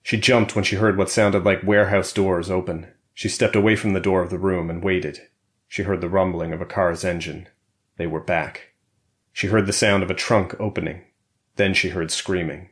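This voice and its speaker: A deep, low male voice narrating a thriller audiobook. He reads steadily and evenly, keeping his tone controlled through the action. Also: level tone, moderate pace. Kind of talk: scripted narration.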